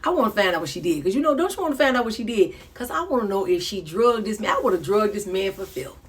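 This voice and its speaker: Woman reaction commentator, expressive and sermon-like. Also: medium pitch, fast talker. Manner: animated, preachy, laughing asides.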